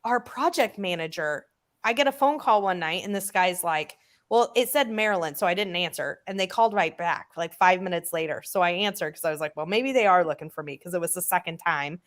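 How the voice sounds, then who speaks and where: A woman hosting a casual online chat, telling stories with lively asides and putting on loud voices for the people she quotes. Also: lowish voice, brisk. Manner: chatty storyteller, acts out loud voices in quotes. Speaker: host.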